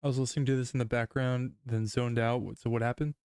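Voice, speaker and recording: A man streaming casually, chatting with viewers with a laugh, then reading a creepy story aloud in an even first-person voice. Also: medium pitch, fast talker, smooth, no room sound, studio quality. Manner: joking, laughs often, reads steadily.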